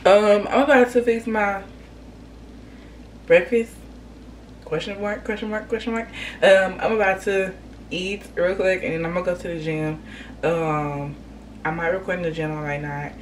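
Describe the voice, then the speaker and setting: A woman's voice: on the low side, fairly even intonation, normal speed, long pauses, a little hiss or hum, low-quality recording. A young woman chatting casually in a vlog from a parked car, full of fillers and gushing feeling. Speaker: vlogger and clothing designer.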